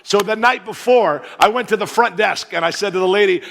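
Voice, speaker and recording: High gravelly American man preaching. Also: brisk, few pauses. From United States. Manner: joking, animated storyteller who plays to the crowd. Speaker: guest pastor. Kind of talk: humorous sermon storytelling. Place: large church sanctuary. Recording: reverberant church hall.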